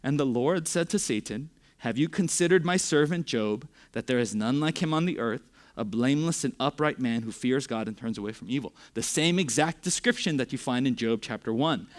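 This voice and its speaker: A man's voice: mid-range voice, lively intonation, fairly quick. A young man preaching a youth sermon in a conversational way, with frequent "right?" check-ins and sarcastic asides. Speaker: youth pastor.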